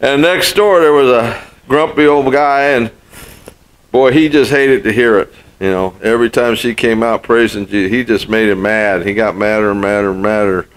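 A man's voice: fairly low pitch, steady tone, normal speed, clean tone, poor audio. An older man preaching a sermon as pastor, telling folksy stories and repeating phrases for emphasis.

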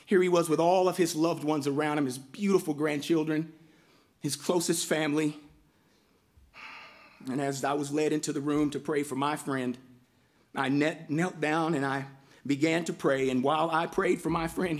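A man's voice: fairly high pitch, moderate pace. A man, a pastor, giving a heartfelt storytelling eulogy at a memorial. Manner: heartfelt, storytelling, breaks into lively voiced quotes.

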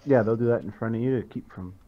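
A man's voice: mid-range voice, quick pace, lo-fi sound. A man playing a tabletop game, directing the party's moves in casual talk. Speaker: player.

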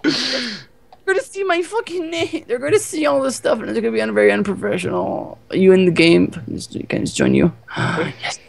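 A man with a gravelly, fry-edged voice trades crude jokes with his co-player while gaming. His pitch swings widely as he teases, and the sound comes through a headset voice chat. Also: a little fast. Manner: swearing, teasing, animated. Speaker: gaming channel co-host. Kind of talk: casual gaming banter.

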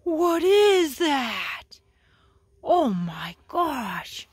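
Lady putting on a spooked young horse, gasping, higher voice, slow and wide-eyed. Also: sing-song, dry recording, studio quality, heavily acted. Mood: startled. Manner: breathless, gasping wonder. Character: young skittish mare, startled and curious.

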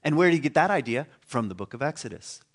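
A man's voice: medium pitch, lively intonation, fast. A man teaching at a spiritual community, giving a conversational sermon, chuckling and thinking aloud with frequent restarts.

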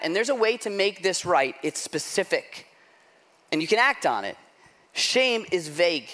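A man's voice: high-pitched, very animated, moderate pace, sharp tone. A middle-aged man preaching a sermon, telling a self-deprecating story in a loose conversational way, often asking "right?". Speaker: pastor.

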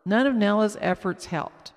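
A woman reading a children's story aloud slowly and carefully, with small slips. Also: mid-range voice. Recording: long echoing reverb.

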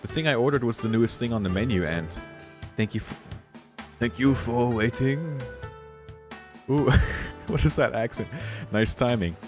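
A low-voiced man reads a visual novel out loud and keeps stopping to swear and laugh at what happens. Background music plays steadily behind his voice. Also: lively intonation, fairly quick. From United States. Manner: reads the text then breaks off into swearing, laughing commentary. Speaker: visual novel let's player. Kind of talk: reading a visual novel aloud with reactions.

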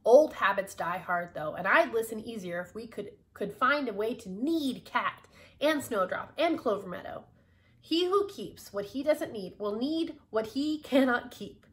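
A woman reading aloud, voicing a brisk, bossy old lady who talks in firm, emphatic proverbs. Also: a little high, lively intonation. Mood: earnest.

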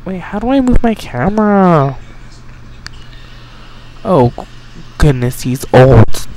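A man giving excitable, chatty let's play commentary, bossing his game characters around. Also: fairly high pitch, slow. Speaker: game streamer. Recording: noisy home recording.

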